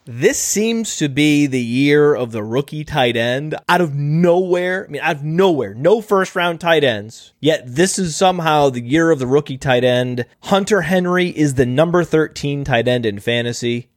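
A man co-hosting a podcast, talking in an animated, needling way. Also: mid-range voice, dry recording, clean studio sound. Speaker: podcast co-host. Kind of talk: casual podcast debate.

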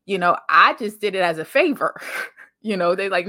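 An animated woman hosts a podcast. Her voice sits at a middle pitch. She talks in a casual, motivational way and acts out quoted voices in her stories. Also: fast, no echo, clean studio sound. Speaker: podcast host.

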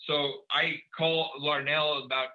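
A man, a guest on a podcast, telling a personal story in a quick, animated way, full of fillers and acted-out dialogue. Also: a little high, muffled recording.

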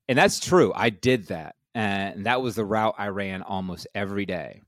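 Deep-voiced man telling his story. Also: normal speed, hardly any pauses, no room sound, studio quality. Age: 40s. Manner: animated, acts out quoted voices. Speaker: guest. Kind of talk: candid storytelling.

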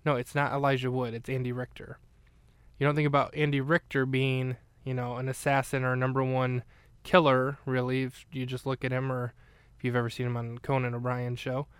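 A man's voice: medium pitch, monotone, a little fast, clean tone, no echo. A man hosting a podcast, recapping a film in casual, rambling chat full of fillers and restarts. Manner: rambling, chatty, with many fillers.

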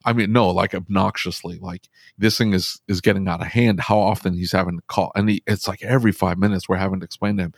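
A man telling a work story in casual podcast conversation, animated, with many restarts. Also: low-pitched, fast talker, gravelly, few pauses, no room sound, clean studio sound.

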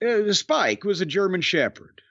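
A man's voice: high voice, very animated, moderate pace, gravelly, fairly bright tone, no room sound, dull audio. A man co-hosting a podcast, reading out listener tributes in a wry, offhand way and stumbling over names. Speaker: podcast co-host.

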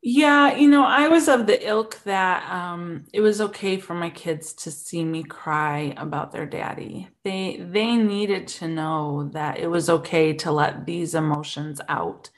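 A woman's voice: on the low side, measured pace, hardly any pauses. A woman speaking as a podcast guest and grief expert, talking earnestly and personally with small restarts. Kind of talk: candid interview talk.

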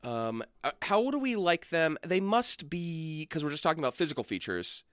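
A man's voice: fairly high pitch, very animated, moderate pace, fairly bright tone, clean tone, no echo, studio quality. A man co-hosting a comedy podcast, chatting casually with a jokey, profane manner and frequent laughter. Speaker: podcast co-host.

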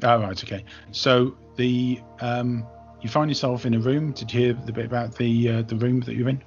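A man narrating as game master in an online tabletop game, relaxed and hesitant. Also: mid-range voice, moderate pace, lo-fi sound, soft background music. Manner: relaxed, hesitant, lots of ums.

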